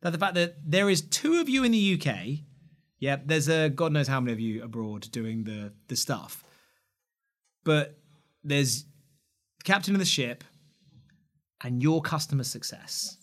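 A man hosting a podcast interview, enthusiastic and chatty, quick to praise and laugh. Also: fairly high pitch, animated, a bit bright. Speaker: podcast host.

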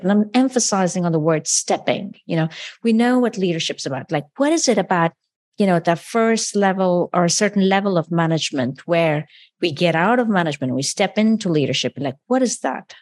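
A woman's voice: fairly low pitch, expressive, fairly quick, a little mellow. A woman hosting a podcast interview, reflective and enthusiastic, with frequent casual fillers. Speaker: podcast host.

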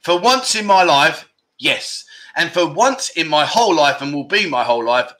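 A man's voice: fairly high pitch, animated, normal speed, pushed and bright. A middle-aged man hosting a casual livestream chat, teasing and talking loosely with many restarts. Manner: chatty, teasing, restarts often. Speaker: livestream host.

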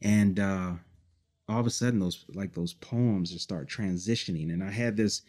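Low-voiced man telling his story. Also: normal speed, a little mellow. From Detroit, United States. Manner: reflective, rambling with many fillers, laughs between stories. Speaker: musician guest. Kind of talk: casual storytelling interview.

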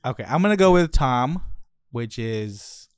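A man's voice: medium pitch, expressive, measured pace, clear, resonant tone, no echo, studio quality. A man hosting a casual podcast chat, playful and teasing, swearing freely. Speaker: podcast host.

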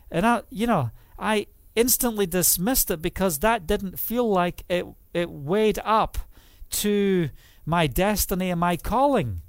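A middle-aged man from the UK preaches a livestreamed sermon in a loose, conversational way, dotting his talk with "you know" and "hallelujah". His voice sits a little higher than most men's. The sound is dry, with no room echo. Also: a little slow. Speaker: minister.

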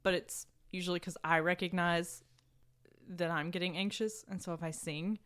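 A woman's voice: on the low side, steady tone, fairly bright tone. A woman co-hosting a podcast, chatting casually and telling short personal stories. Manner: chatty, anecdotal, quick to laugh. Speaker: podcast co-host.

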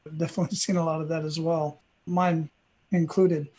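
A man's voice: a little high, little pitch movement, brisk, mellow. A man hosting an interview podcast, asking rambling, enthusiastic questions over a remote call. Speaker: podcast host.

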